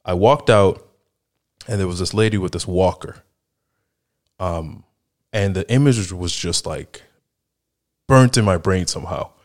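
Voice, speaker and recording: A man's voice: deep voice, measured pace, long pauses. A man in his thirties from the Chicago area, hosting a podcast and telling casual, rambling stories, laughing often and peppering his talk with "like" and "right?". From Chicago area, United States. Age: 30s. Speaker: podcast host. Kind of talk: casual storytelling monologue.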